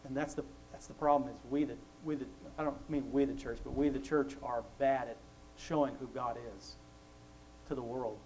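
A man talks through his faith in an easygoing, conversational way. He tells his stories with frequent laughs and keeps his pitch in a middle range. A faint hum sits underneath the recording. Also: fairly even intonation, moderate pace, darkish tone, low-quality recording. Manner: chatty storytelling, laughs often, acts out quoted voices. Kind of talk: casual faith talk.

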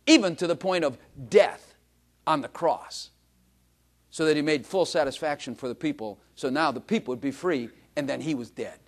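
A man preaching a sermon, telling jokey stories about himself and calling out to the congregation. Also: fairly high pitch. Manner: animated, joking storytelling with the congregation. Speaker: pastor.

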